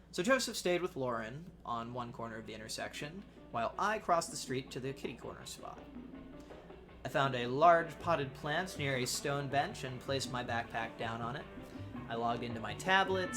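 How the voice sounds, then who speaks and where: A young man reads his own essay aloud, paced and wry. His voice sits at an ordinary middle pitch, and a faint bed of music plays behind him. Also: a bit bright. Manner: measured, wry storytelling. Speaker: narrator. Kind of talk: reading a personal essay aloud.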